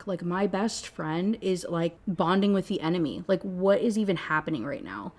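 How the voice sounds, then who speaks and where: A woman giving an animated, sarcastic rant review of a novel, swearing freely as she goes. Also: fairly low pitch, moderate pace. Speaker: book reviewer. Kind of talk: ranting book review.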